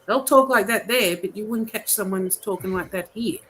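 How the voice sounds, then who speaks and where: A woman's voice: medium pitch, a little fast, a bit bright, a little hiss or hum, low-quality recording. An Australian woman chatting casually on a podcast, searching for words and amused by the topic. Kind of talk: casual chat.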